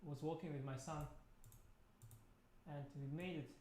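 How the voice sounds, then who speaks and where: Chatty man streaming chess, slightly high voice. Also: steady tone, moderate pace, a little mellow, a little hiss or hum. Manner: chatty, playful, talks to viewers while clicking around. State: tired, speaking softly at first. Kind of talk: casual live-stream chat. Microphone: desktop USB mic.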